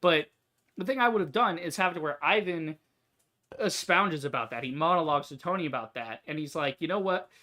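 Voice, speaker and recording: A young man chats over his gameplay in a bright, forward voice, wandering from topic to topic. He pads his talk with fillers and restarts, the relaxed, meandering manner of a gaming YouTuber. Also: a little high, a little fast. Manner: rambling, talkative, many fillers and restarts. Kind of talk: casual gameplay commentary.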